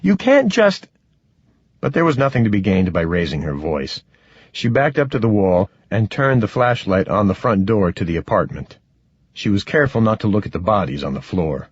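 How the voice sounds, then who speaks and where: A man narrating an audiobook in a measured, expressive reading. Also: sits low, breathy edge, dry recording. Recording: dull, dry, slightly muffled.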